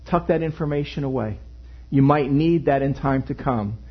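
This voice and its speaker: A male pastor preaching a sermon to his congregation, animated and joking in asides. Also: mid-range voice, normal speed, husky. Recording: dull lo-fi recording.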